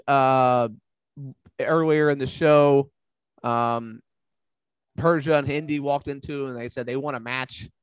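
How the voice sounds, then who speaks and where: A man's voice: fairly high pitch, smooth, dry recording. A man hosting a casual recap chat, rambling with fillers and swearing freely. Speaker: podcast host.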